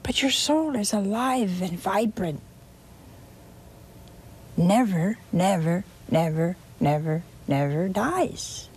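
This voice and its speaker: A woman preaching a sermon, telling a scripture story slowly and expressively with dramatic repetition. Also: mid-range voice, lively intonation, a little mellow, slightly rough.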